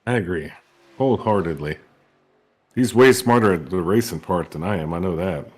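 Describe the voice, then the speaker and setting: Deep-voiced man teasing his co-hosts. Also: moderate pace, slightly rough. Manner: teasing, joking, drawling. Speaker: sim racing commentator. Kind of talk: casual booth banter.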